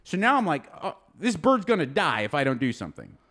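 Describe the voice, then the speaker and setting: An animated man telling a story in casual chat, his voice sitting a little high and swinging widely in pitch. He acts out the people he quotes. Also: brisk. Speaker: podcast co-host telling a story.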